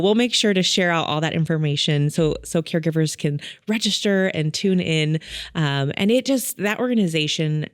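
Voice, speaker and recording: Woman host doing an interview, smooth clean voice, lots of ums and mms, dry mic. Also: low voice, no echo. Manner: affirming, many fillers and soft "mm" responses. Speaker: podcast host. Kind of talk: conversational interview hosting.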